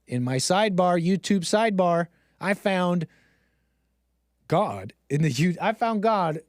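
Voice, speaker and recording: A man's voice: high-pitched, expressive, a little slow, dry recording, clean studio sound. A man hosting a casual livestream, rambling and sarcastic, mocking others with exaggerated gasps. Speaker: livestream host.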